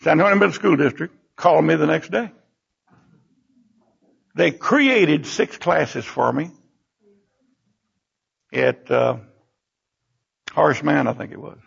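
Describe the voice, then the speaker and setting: An older preacher tells stories from the pulpit in a high, heavily gravelly voice. His tone is husky, and he breaks into lively exclamations. The recording sounds dull and lo-fi. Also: takes it slowly, pauses often. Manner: storytelling, animated exclamations. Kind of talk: sermon.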